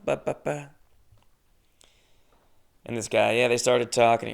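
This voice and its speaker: A man tells a story in a casual, rambling way, swearing often and joking along. His voice is gravelly yet resonant and smooth. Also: fairly low pitch, fairly even intonation, moderate pace, long pauses. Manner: profane, rambling and jokey. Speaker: podcast host telling a story.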